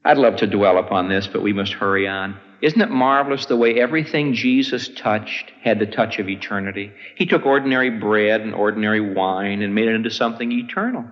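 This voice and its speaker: A man preaching a sermon. He swings from ringing high peaks down to hushed low endings. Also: fairly quick, few pauses, big-room sound, highs cut off. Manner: dramatic rises and hushed drops in delivery.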